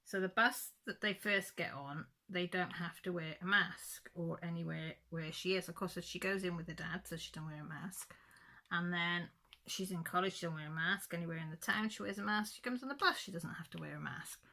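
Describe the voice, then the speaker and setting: A middle-aged woman, a crafting channel host, chatting casually and telling a rambling, animated story full of quoted dialogue. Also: on the low side, fairly quick.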